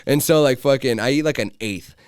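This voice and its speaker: A young man, a podcast guest, telling a loose, animated story full of swearing and filler "like"s. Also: medium pitch, brisk, smooth, no room sound, studio quality. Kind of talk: casual storytelling.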